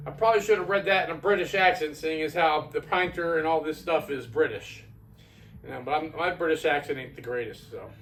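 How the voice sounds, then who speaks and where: A man's voice: fairly high pitch, a bit bright. A man reviewing his own homebrewed beer in a casual chatty video, rambling with fillers and restarts.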